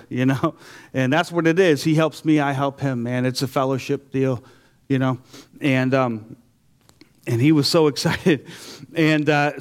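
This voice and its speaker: A man telling his personal faith testimony with animated storytelling, acting out his own reactions and going low and quiet for serious moments. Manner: asks listeners "you see what I'm saying?". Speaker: speaker sharing a faith testimony.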